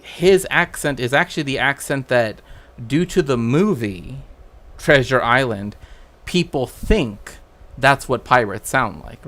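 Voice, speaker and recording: Man streamer, unhurried, rambly, filler-heavy casual chat. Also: mid-range voice, fairly bright tone. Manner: rambling, many fillers and restarts.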